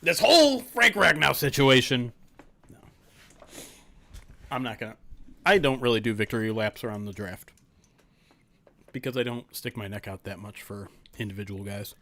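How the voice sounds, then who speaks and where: A man co-hosting a live podcast in a middle-pitched voice. He talks in a dry, unhurried way and closes the show for the chat. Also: vocal fry. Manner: dry, relaxed, signs off to chat. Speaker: podcast co-host. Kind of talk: casual podcast banter.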